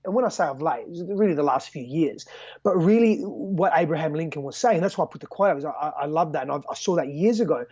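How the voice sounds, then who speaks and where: A man's voice: a little high, darkish tone, husky, dry recording. An Australian man as a podcast guest, talking earnestly and reflectively, swearing casually and often tagging "right?" and "man". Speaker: guest coach. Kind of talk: candid podcast conversation. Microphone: video call. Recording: dull lo-fi video call audio.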